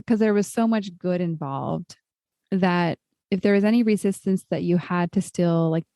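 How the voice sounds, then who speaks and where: Mellow-voiced woman hosting a podcast. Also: lowish voice, no room sound, studio quality. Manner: thoughtful, asks long searching questions. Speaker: podcast host. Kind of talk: conversational interview.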